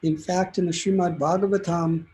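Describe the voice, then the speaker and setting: A man's voice: sits high, level tone, moderate pace, darkish tone, low-quality recording. A man telling a devotional story as a sermon, in an earnest and heartfelt way. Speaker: spiritual teacher giving a talk.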